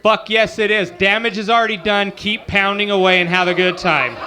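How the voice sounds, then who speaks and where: Foul-mouthed comedy club guy in his 40s, highish voice, chatty, crude jokes. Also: steady tone, moderate pace, noisy background. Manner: profane, crude, conversational with crowd asides. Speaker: stand-up comedian. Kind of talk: crude stand-up routine.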